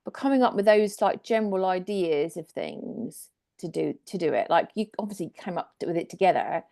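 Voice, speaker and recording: A woman's voice: on the low side, animated, moderate pace, gravelly, warm tone. Hesitant woman, full of fillers. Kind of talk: casual chat.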